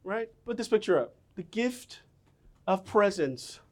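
Middle-aged preacher with self-mocking punch. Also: male voice, sits high, lively intonation, unhurried. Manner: self-mocking storyteller, swings between loud and soft. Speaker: pastor. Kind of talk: sermon.

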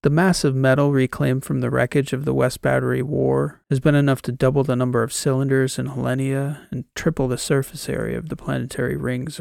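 A man voicing a calm, formal old android. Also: mid-range voice, creaky, dry recording, clean studio sound. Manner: measured, precise, earnest pleading.

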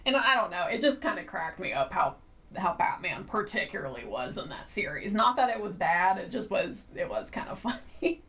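A woman co-hosting a podcast in casual chat, relaxed and chuckling, with many fillers. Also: mid-range voice, moderate pace, distant mic. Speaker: podcast co-host.

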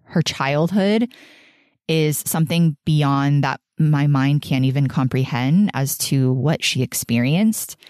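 A woman's voice: low voice, slow pace, darkish tone, no room sound, studio quality. A woman in her thirties hosting a podcast, talking in an earnest, emotional and spiritual way and laughing often. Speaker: podcast host. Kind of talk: reflective podcast monologue.

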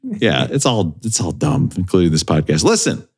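A man's voice: low-pitched, moderate pace, breathy edge. A man hosting a casual podcast, joking and playing with words as he talks. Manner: animated, jokey, playful wordplay. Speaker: podcast host.

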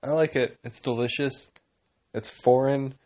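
A man's voice: mid-range voice, fairly even intonation, measured pace, mellow. A tipsy man co-hosting a podcast, laid-back, with dry short replies. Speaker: podcast co-host. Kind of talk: casual chat.

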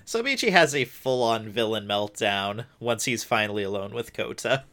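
A man co-hosting a show, recapping episodes in relaxed casual chat. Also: fairly low pitch, moderate pace.

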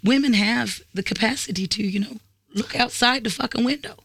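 A woman's voice: on the high side, a little fast, a bit bright, husky, dry recording. A woman telling a story in casual chat, blunt, sarcastic and profane. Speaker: podcast guest.

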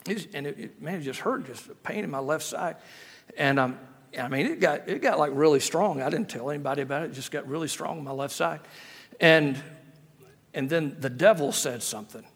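A middle-aged man, speaking as a guest preacher, delivers a sermon in a church sanctuary, telling funny stories and repeating phrases through rhetorical questions. His voice is fairly high, a little fast, with a breathy edge. The echoey hall gives the recording a long reverb.

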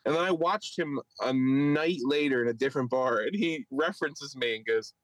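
In a casual chat, a Philadelphia-area podcast co-host and stand-up comic tells a story, mimicking other people in raised voices. His medium-pitched voice moves at a moderate pace; the audio is poor but has no room sound.

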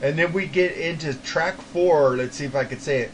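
A man's voice: fairly high pitch, normal speed, a bit bright, slight background noise, low-quality recording. A man co-hosting a casual album review chat, enthusiastic and swearing, reciting lyrics aloud. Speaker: podcast co-host reviewing an album.

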